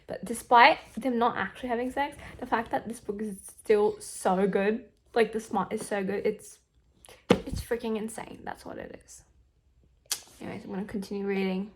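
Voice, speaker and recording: A young woman vlogging about a book she is reading, gushing, excitable and swearing freely. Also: medium pitch, moderate pace, a little hiss or hum. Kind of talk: casual reading vlog.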